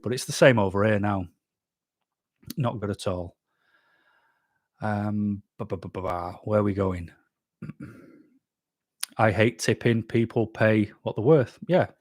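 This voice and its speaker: A man's voice: fairly low pitch, no echo, studio quality. A man hosting a casual live stream, reading out chat comments and answering them bluntly. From England. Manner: blunt, chatty, reads comments aloud then answers. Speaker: YouTube channel host reading live chat.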